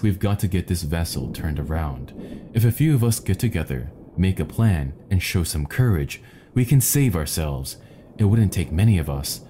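A man's voice: sits low, noisy background. A man voicing an earnest young cabin boy who insistently urges the crew to act. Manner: urgent, insistent.

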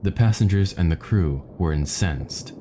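A man reading a fable aloud in a measured, deliberate way. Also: deep voice, background noise. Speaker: narrator. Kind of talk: scripted narration of a fable.

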